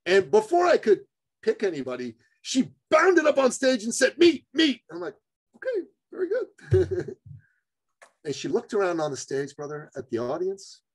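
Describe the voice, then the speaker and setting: A man telling a story as a podcast guest, animated and addressing the host as brother. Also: high-pitched, normal speed, no echo, poor audio.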